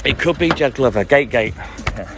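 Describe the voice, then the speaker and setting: A man chatting live from his milk round, reading out viewer comments and giving friendly shout-outs by name. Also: mid-range voice, animated, moderate pace, heavy background noise. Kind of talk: casual live-stream chat reading out comments.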